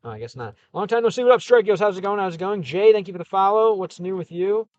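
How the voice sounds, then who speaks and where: A man's voice: high voice, expressive, fast, no room sound, lo-fi sound, faint music behind. A man with a Chicago Midwest accent hosting a casual livestream, reading comments in a rambling, upbeat and encouraging way with lots of fillers. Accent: Chicago, American Midwest. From American Midwest.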